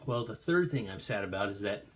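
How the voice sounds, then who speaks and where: A middle-aged man teaching kindergarten, reading a storybook aloud in an animated, sing-song way. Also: on the low side, a little fast, slight background noise. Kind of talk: storytime lesson for young children.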